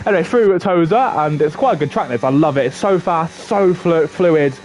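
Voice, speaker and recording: A man's voice: on the high side, lively intonation, moderate pace, few pauses, a little mellow. A man co-commentating a sim race on a livestream, laid-back and joking, greeting viewers as he goes.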